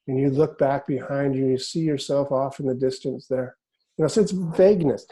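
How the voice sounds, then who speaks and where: A middle-aged man, a hypnotist, talking casually in an interview and sliding into slow, hypnotic phrasing as he tells stories. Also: medium pitch, slightly rough. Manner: relaxed and storytelling, drops into slow hypnotic phrasing. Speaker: hypnotist explaining his method. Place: office in a big city.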